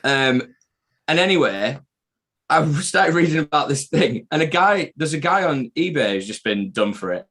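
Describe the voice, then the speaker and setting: A man's voice: on the high side, expressive, normal speed, a bit bright. A man co-hosting a podcast live stream, chatting casually, swearing freely and rambling through anecdotes. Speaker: podcast co-host.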